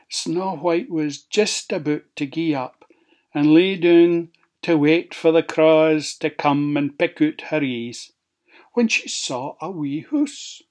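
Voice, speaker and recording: Slow, expressive Scots storyteller. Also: mid-range voice. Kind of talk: read-aloud fairy tale in Scots.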